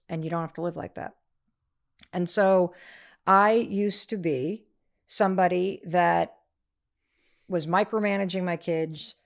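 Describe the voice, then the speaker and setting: A middle-aged woman, an author, telling a story as an interview guest, lively and acting out the voices of the people in it. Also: lowish voice. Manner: energetic, acts out quoted voices.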